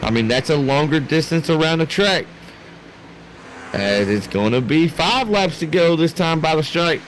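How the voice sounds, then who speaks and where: A man doing live play-by-play commentary for a sim racing league, rambling and excitable, talking to his producer on air. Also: a little high, moderate pace, slight background noise.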